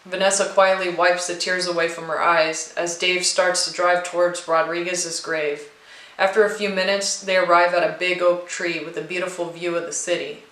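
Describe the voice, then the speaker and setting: A woman narrating a horror storybook with a steady, expressive reading. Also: on the low side, moderate pace, reverberant, poor audio. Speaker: narrator and co-writer.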